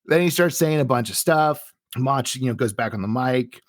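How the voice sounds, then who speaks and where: A man co-hosting a podcast in casual chat, retelling scenes in an animated way with frequent laughter. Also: medium pitch, normal speed, dry recording, studio quality. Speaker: podcast co-host.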